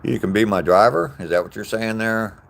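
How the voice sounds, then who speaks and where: A man's voice: fairly low pitch, fairly quick, creaky, fairly bright tone. A man in his sixties chatting casually on a live stream while out walking, greeting viewers by name with lots of ums. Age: 60s. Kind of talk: casual live-stream chat reading comments. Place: outdoors on a walking trail.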